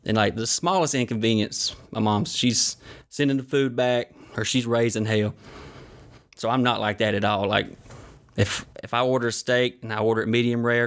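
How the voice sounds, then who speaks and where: A man's voice: medium pitch, fairly bright tone. A man hosting his own podcast, telling rambling, profane anecdotes with joking asides while sweaty and flushed. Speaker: podcast host. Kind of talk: casual solo storytelling.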